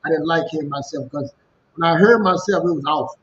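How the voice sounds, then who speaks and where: A man with a Louisiana accent, a co-host telling a personal story in casual, animated talk. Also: on the high side, fast talker, lo-fi sound, slight background noise. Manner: animated storyteller, repeats "you know what I'm saying". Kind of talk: storytelling chat.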